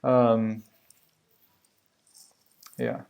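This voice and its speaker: A man streams himself coding and talks through each step at an unhurried, slow pace. His voice has a gravelly, creaky edge, and he muses and questions himself as he goes. He is recorded close on a desk microphone. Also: on the low side, big pitch swings, a little mellow. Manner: musing, halting, self-questioning. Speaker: livestream coder. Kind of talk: thinking aloud while live coding.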